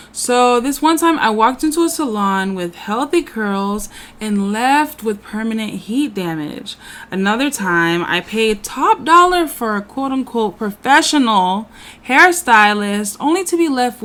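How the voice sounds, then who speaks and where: A woman's voice: medium pitch, a bit bright. A woman hosts a casual storytime to camera. Her tone is conversational, and she addresses her viewers as y'all. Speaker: channel host.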